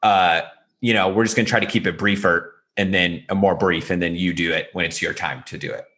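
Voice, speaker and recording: A man co-hosting a podcast in casual chat, animated, talking in rapid bursts with many fillers. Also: sits low. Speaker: podcast co-host. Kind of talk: casual chat about martial arts films.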